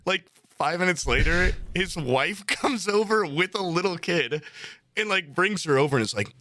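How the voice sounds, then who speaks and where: A man's voice: sits high, lively intonation, normal speed, pushed and bright, dry recording, clean studio sound. A man in his twenties telling a long, rambling story on a casual podcast, full of fillers and acted-out quotes. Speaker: podcast co-host.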